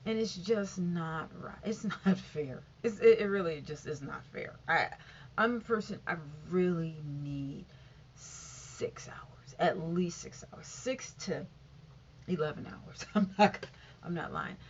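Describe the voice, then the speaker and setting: A woman's voice: lowish voice, expressive, slow. A woman chatting casually to her viewers, rambling and often saying "you know". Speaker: vlogger. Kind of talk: casual chat to camera. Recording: dull lo-fi sound with faint noise.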